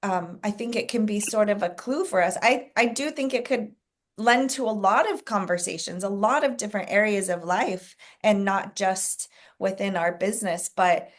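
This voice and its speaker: A woman leading a team video call, giving casual coaching in an encouraging way, with frequent fillers and throat-clearing. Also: medium pitch, normal speed.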